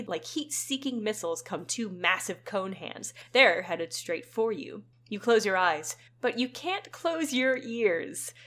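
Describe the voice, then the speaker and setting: A woman reads a choose-your-own-adventure book aloud, animated and wry, breaking off for quick comments. Her voice sits at a middling pitch. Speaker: co-host reading aloud. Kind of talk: comic book reading.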